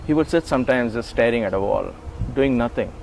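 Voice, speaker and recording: A man's voice: mid-range voice, a little fast, creaky, slight background noise, low-quality recording. A middle-aged man in an interview, recalling his years as an assistant and acting out the dialogue as he tells it. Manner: animated, acts out quoted dialogue. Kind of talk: conversational storytelling interview.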